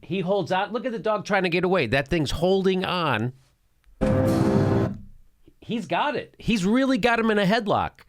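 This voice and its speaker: Animated joking male show host. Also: sits high, normal speed, long pauses, loud music behind the voice. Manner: jokey, animated, laughs often. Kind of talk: casual comedic commentary.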